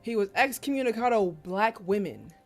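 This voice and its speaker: A woman streamer chatting casually on a live stream, telling stories in a lively, slangy way and exclaiming loudly in disbelief. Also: medium pitch, moderate pace, soft background music.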